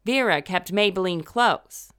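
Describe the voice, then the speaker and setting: A woman voice actor reading narration in a measured, deliberate way. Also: medium pitch, a bit bright, smooth. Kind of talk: scripted narration.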